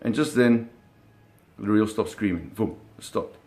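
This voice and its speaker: A man telling a personal story in an animated, vivid way, often restarting his phrases. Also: on the low side, measured pace.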